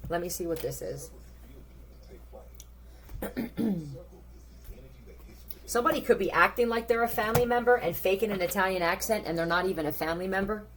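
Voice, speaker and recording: A woman's voice: mid-range voice, normal speed, pauses often, a little hiss or hum. A woman giving a casual tarot reading, thinking aloud in a blunt, profane way. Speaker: tarot reader.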